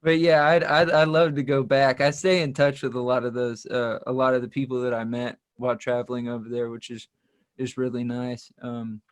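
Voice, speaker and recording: A man's voice: mid-range voice, level tone, normal speed, clean tone. Rambling country musician man. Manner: rambling, self-deprecating, laughs often. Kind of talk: casual interview storytelling.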